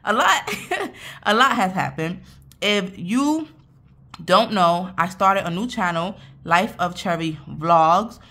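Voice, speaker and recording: A young woman runs a budgeting vlog, talking directly to her audience in a chatty, playful way and sounding slightly breathless. Her voice sits fairly low in pitch, with a fairly bright tone, and the talk is casual.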